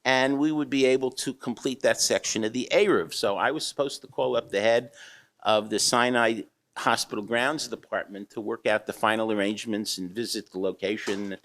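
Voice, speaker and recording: An older rabbi giving a humorous storytelling talk, with a wry manner and acted-out characters. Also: male voice, fairly low pitch, moderate pace, fairly bright tone. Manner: wry, anecdotal, acts out characters. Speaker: rabbi and eruv builder speaking.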